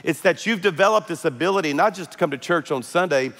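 A man's voice: a little high, fast talker, a bit bright, big-room sound. A male pastor, preaching a conversational sermon with frequent fillers. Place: large church auditorium.

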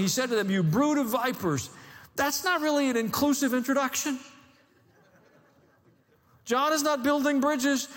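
A man's voice: very high voice, a bit bright, long reverb tail. A man preaching a sermon as pastor, conversational with dry humor and building emphasis.

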